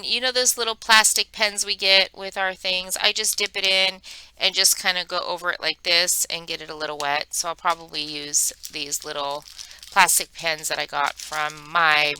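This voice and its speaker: Bright, chatty middle-aged woman. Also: fairly low pitch, fairly even intonation, moderate pace, smooth, low-quality recording. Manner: chatty and rambling, many fillers. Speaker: crafting vlogger. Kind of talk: casual chat. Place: home.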